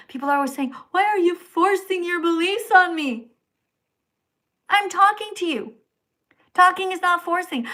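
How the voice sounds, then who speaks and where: A middle-aged woman hosting a livestream, reading paid chat messages aloud and lecturing the sender in a preachy, scolding way, dropping to hushed whispers and rising to loud outbursts. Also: high voice. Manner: preachy, scolding, repeats the commenter's name. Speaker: livestream host.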